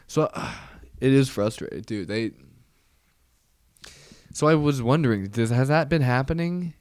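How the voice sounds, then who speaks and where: A man's voice: medium pitch, moderate pace, a little mellow, no room sound, clean studio sound. A man hosting a casual solo podcast, rambling, with many restarts and trailing fillers. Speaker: podcast host.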